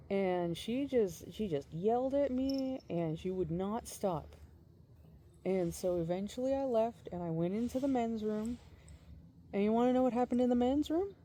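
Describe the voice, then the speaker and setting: A woman casually telling a personal story, halting and searching for her words. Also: a little high, animated, warm tone, slight background noise.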